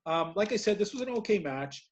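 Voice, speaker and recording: A man's voice: sits high, expressive, brisk. A man co-hosting a podcast, recapping wrestling matches in casual, rambling chat and laughing often. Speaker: podcast co-host.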